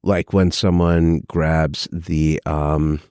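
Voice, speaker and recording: A man's voice: very deep voice, flat delivery, extremely slow, darkish tone, smooth, no room sound, studio quality. A man hosting a podcast, asking questions and reflecting back on what his guest says in a curious, thoughtful way. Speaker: podcast host, counselor. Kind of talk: conversational interview.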